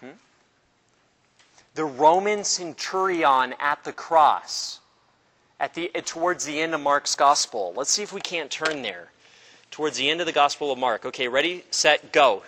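A man's voice: mid-range voice, pushed and bright, big-room sound, slight background noise. A man teaching a casual Bible class, chatty and joking with his students, acting out little voices as he explains.

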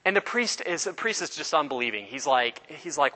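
A man with a bright, fairly high voice gives a classroom lecture on religion. He quizzes his students, tells stories, and often breaks off to restart a sentence. The sound rings with a long room reverb. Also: very animated, brisk. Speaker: religion teacher.

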